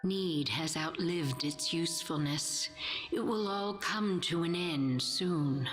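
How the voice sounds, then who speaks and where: A cryptic disembodied voice in a game, calling out of nowhere with ominous warnings. She speaks very slowly and calmly. Her voice sits low, with soft music beneath. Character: mysterious disembodied female voice, cryptic and calm.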